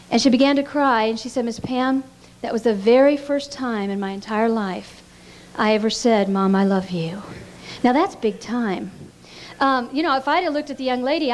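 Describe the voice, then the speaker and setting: A woman's voice: sits high, darkish tone. A woman giving a teaching talk at a pastors' conference, telling stories earnestly and often stammering on repeated words.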